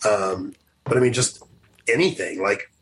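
A man's voice: lowish voice, measured pace, a little hiss or hum, rough recording. A man co-hosting a podcast in casual chat. He rambles, restarts often, and laughs easily. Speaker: podcast co-host.

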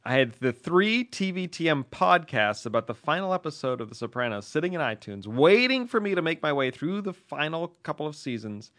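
A man's voice: a little high, very animated, brisk, hardly any pauses, fairly bright tone. A man co-hosting a podcast, chatting wryly and reading out listener messages. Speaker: podcast co-host. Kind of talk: casual chat, reading listener mail.

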